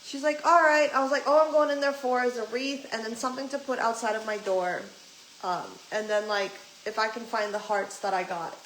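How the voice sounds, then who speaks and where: A woman's voice: on the high side, fairly even intonation, fairly quick. Ranting young woman vlogger, echoey room. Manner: ranting, swears freely, retells quotes. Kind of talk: casual storytime chat. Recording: echoey room, faint background noise.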